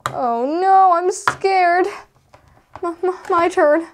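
A woman voicing little toddler girl dolls playing a board game, high and excitable, squealing when things go wrong. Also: takes it slowly, slight background noise. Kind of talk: doll play narration.

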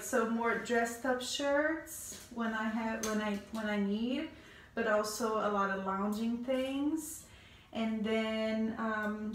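A pregnant stylist talks through her clothes in a slow, meandering way, pausing on ums and breathing a little hard. Her voice sits slightly high. The sound is roomy and echoey, with the mic some distance off. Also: fairly bright tone, slight background noise. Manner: slow, rambling, many ums and restarts. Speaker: fashion stylist vlogger. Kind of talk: casual closet tour.

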